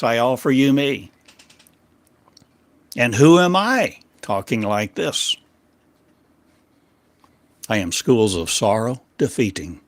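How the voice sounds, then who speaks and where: A man delivering a channeled sermon as a spiritual teacher, declaiming rhetorical questions in short, broken phrases that swing between loud emphasis and quiet low drops. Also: no room sound.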